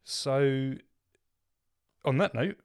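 A man's voice: mid-range voice, very slow, smooth. A man co-hosting a podcast in casual chat, rambling with lots of filler words and restarts. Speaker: podcast co-host.

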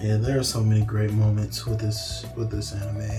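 A man's voice: fairly low pitch, monotone, moderate pace. Man, casual anime chat, agreeable short replies, roomy echo, faint music.

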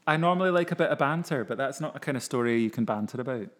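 A man's voice: mid-range voice, lively intonation, rapid-fire, a bit bright. A man in his twenties co-hosting a podcast, chatting casually with a wry, self-mocking manner. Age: 20s. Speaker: podcast co-host. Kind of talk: casual chat.

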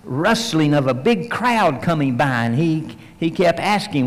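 A man's voice: on the high side, lively intonation, normal speed, hardly any pauses. A male pastor preaching a sermon and leading a prayer. He retells a story vividly and acts out the voices of the people in it. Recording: long reverb, large hall.

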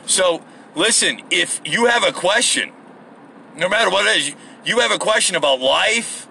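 A man's voice: high voice, animated, moderate pace, creaky, bright, forceful tone, slight background noise. A man hosting a rambling solo podcast from his car on the way to work, profane and self-deprecating. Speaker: podcast host.

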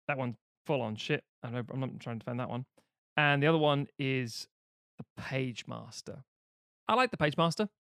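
Male co-host, late 30s, mid-pitched, chatty and profane, self-mocking, dry close sound. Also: fairly bright tone, dry recording. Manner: rambling and profane, with self-deprecating jokes. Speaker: podcast co-host. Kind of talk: casual chat.

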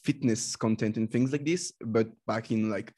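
French-accented young man, halting chat. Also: lowish voice. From France. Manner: relaxed, halting, many "like" fillers. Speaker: guest. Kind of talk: casual podcast chat.

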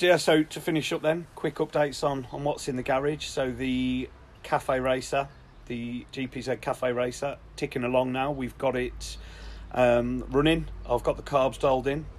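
A young man co-hosting a relaxed podcast, giving upbeat updates in a mid-range voice. A faint hiss sits under his speech. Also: medium pitch. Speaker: podcast co-host. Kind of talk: casual chat.

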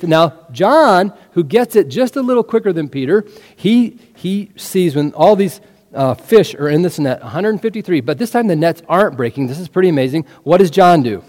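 A man preaching a sermon, telling the story in an animated way and throwing rhetorical questions at the congregation. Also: high-pitched, normal speed. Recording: long reverb of a large hall.

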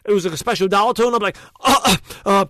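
A man hosting a solo podcast, talking in an energetic, emphatic, motivational way that rambles and often restarts sentences. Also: high voice, very fast, no room sound, clean studio sound. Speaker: podcast host.

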